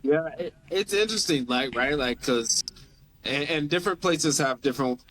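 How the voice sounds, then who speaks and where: A man's voice: fairly high pitch, normal speed, a bit bright, slight background noise. A young man, a guest on a podcast, chatting casually in an easygoing, playful way and laughing often. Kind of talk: casual chat.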